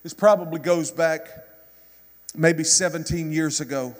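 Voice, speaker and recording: A man's voice: a little high, steady tone, measured pace. A man preaching a sermon in a church, retelling a story with impassioned, preacherly delivery. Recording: long reverb from a hall.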